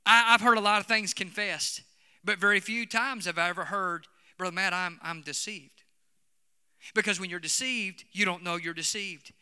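A man's voice: high voice, steady tone, moderate pace, bright, forceful tone, smooth, big-room sound. A man preaching a sermon to his congregation, emphatic, repeating key phrases and calling out to the listeners. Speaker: pastor. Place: church hall.

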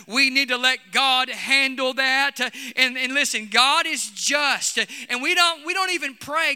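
A man preaching a Pentecostal sermon, fervent and building to shouts, with frequent "uh" between phrases. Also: very high-pitched, unhurried, hardly any pauses, smooth, long reverb tail. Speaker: Pentecostal pastor. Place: church sanctuary.

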